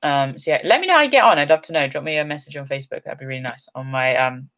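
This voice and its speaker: A woman's voice: low voice, lively intonation, rapid-fire, fairly bright tone. Woman host, casual live-stream Q&A, upbeat and rambling, slightly tired. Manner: chatty, upbeat, rambling with many ums. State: yawning, a little tired. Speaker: outdoor channel host. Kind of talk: live-stream chat answering comments.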